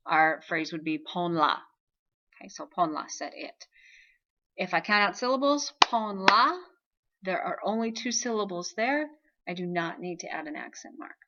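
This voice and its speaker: A woman's voice: on the low side, bright, forceful tone, dull audio. A woman teaching a recorded video lesson, explaining patiently and checking in with frequent "okay?". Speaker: Spanish teacher.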